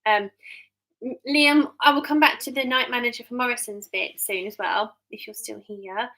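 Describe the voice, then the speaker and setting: English mum on a live stream, thirties, bright tone, rambling and chatty with lots of ums. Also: female voice, a little high, fairly even intonation, normal speed, gravelly, poor audio. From England. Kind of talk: casual live-stream chat. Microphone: webcam or phone mic on a live stream.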